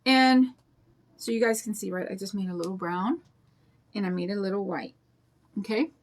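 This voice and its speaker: A craft vlogger in her fifties chats casually while painting, rambling and confiding as she tells a personal story. Her voice sits at medium pitch and moves at a normal speed.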